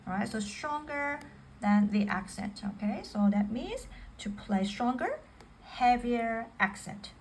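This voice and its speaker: A woman's voice: fairly high pitch, big pitch swings, takes it slowly, a little mellow, slight background noise, low-quality recording. A woman teaching piano technique in a patient way, repeating and rephrasing each point. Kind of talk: spoken instruction. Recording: faint piano music behind. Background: piano playing.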